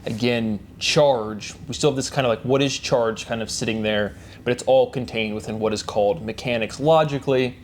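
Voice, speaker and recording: A man's voice: medium pitch, steady tone, normal speed, hardly any pauses, a little hiss or hum. A man hosting his own solo series, talking in a repetitive way and chanting rhetorical questions and stock phrases. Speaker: host of a solo word-derivation series. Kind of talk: solo spoken monologue.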